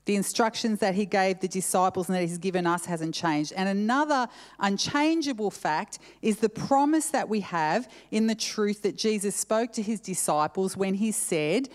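A woman preacher delivers her sermon with earnest, conversational ease. She talks at a middle pitch, drops in casual asides, and reads verses over and over with shifting emphasis. Her voice carries a long reverb from a large hall. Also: moderate pace.

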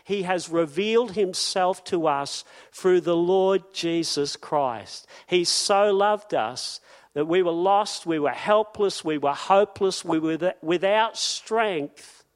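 High-voiced, slow-preaching man. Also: smooth. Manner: earnest, repeats phrases for emphasis. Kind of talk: sermon.

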